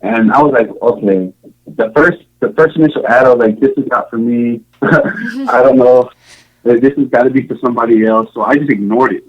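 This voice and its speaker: A man's voice: medium pitch, quick pace, muffled recording. A man from Samoa, a podcast guest, recounting his story in a casual, rambling way with many fillers and restarts. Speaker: podcast guest, show contestant.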